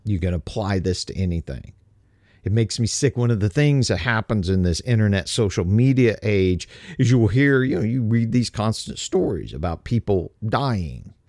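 A blunt, profane man rants indignantly in a heated commentary. His pitch leaps and dives as he presses each point. The recording is dry and close, with no room sound. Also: darkish tone, no echo. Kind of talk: heated monologue.

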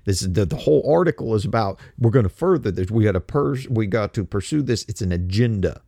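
A heated male talk show host whose voice swings widely, leaping up in indignation and sinking low for emphasis. He sounds close and dry, with no room around him. His delivery is mocking and insistent. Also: expressive, vocal fry, dark tone, no room sound. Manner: climbs to heated, emphatic peaks, then drops low and slow. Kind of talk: opinionated talk show monologue.

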